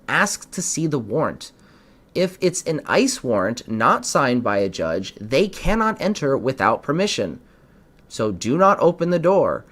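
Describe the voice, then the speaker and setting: A man hosting a podcast, giving earnest political commentary and often stumbling over his words. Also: a little high. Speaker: podcast host.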